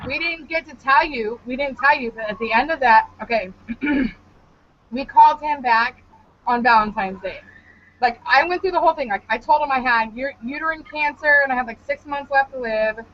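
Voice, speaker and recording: A woman's voice: high-pitched, normal speed. A young woman co-hosting a podcast, telling a story in a loose, profane, laughing way. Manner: animated, profane, laughs a lot. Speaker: podcast co-host. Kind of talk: casual comedic storytelling. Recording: dull lo-fi podcast audio.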